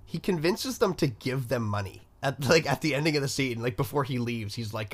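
A young man co-hosting a casual movie podcast, relaxed and slangy, saying "like" a lot. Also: mid-range voice, fairly quick, few pauses. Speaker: podcast co-host.

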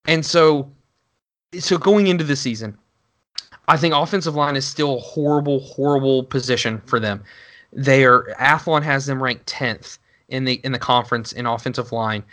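A man co-hosting a casual sports podcast, talking in a rambling way with lots of restarts and building into animated rants. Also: medium pitch. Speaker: podcast co-host.

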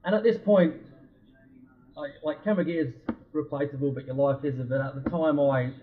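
A man's voice: on the high side, normal speed. Man, tinny phone-like sound. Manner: animated, filler-heavy storytelling. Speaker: photographer guest. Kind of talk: casual chat, storytelling. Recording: phone-like lo-fi audio.

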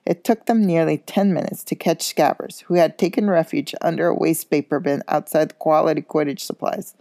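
A woman reading a children's novel aloud, steady but with small slips and corrections. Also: deep voice, brisk, gravelly, dry recording, clean studio sound. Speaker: school coach reading aloud.

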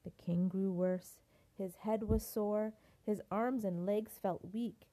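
Older woman reading a picture book, expressive and slow. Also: medium pitch. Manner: expressive, unhurried. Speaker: grandmother reading aloud. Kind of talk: picture book read-aloud.

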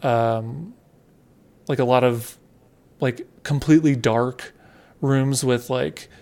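A man chats through a casual podcast conversation in a relaxed, conversational way, describing things loosely as he goes. His mid-range voice carries plenty of creaky fry. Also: medium pitch, slow pace. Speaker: podcast co-host.

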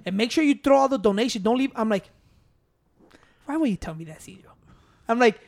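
A man telling stories in casual chat, rambling and profane. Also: high-pitched. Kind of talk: casual chat, mixing Spanish and English.

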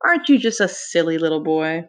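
A woman voicing a taunting, sinister male pig's-head beast in a dramatic read-aloud, slow and deliberate. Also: sits low, expressive. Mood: taunting menace. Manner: mocking, menacing, slow and deliberate.

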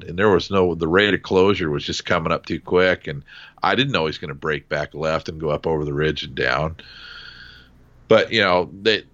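Deep bright-toned man telling a war story. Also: highs cut off. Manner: relaxed, profane, acts out quoted shouts. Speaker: military aviation veteran, former door gunner. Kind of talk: casual storytelling conversation.

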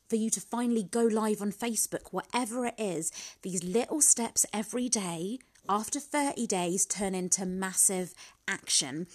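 A woman hosting a casual motivational podcast from her living room, chatty and upbeat, often laughing and asking "guess what". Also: medium pitch. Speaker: podcast host, business coach.

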